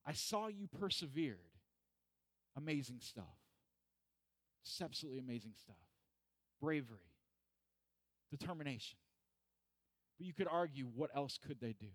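A man's voice: mid-range voice, moderate pace, long pauses, dry recording. A man preaching a sermon in a conversational way, acting out pleading questions with rising intensity.

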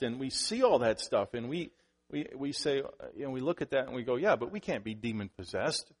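A male pastor preaching a sermon in a conversational way, who restarts sentences, makes asides to the congregation and grows louder and higher on the points he stresses. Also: husky.

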